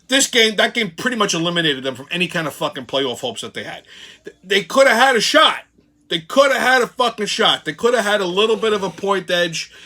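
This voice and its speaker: A man's voice: on the high side, sharp tone. Foul-mouthed man ranting about sports. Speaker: sports commentary host. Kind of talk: profane sports rant.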